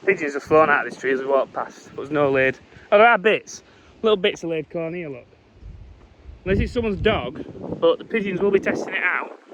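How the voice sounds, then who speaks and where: A young farmer vlogger chats casually while walking his windy fields and calling to his dog. His voice is on the high side, expressive, and a little fast, though the recording is muffled with a noisy background.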